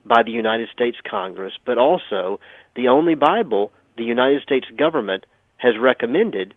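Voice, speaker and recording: A man's voice: mid-range voice, animated, moderate pace, no echo. A man on a radio talk show telling a history story in an emphatic, sometimes sarcastic way. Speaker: radio guest. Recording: tinny phone line, dry.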